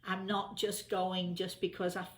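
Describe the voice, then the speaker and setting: A woman's voice: fairly low pitch, level tone, measured pace, echoey room, slight background noise. A woman telling a personal story in a casual, rambling way, with many fillers and restarts.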